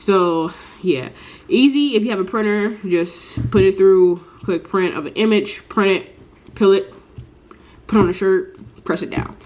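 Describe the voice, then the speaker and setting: A woman's voice: medium pitch, unhurried, darkish tone. A woman with a congested, stuffy voice, explaining a craft technique in a chatty, rambling vlog full of fillers. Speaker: small business crafter. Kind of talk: casual tutorial vlog.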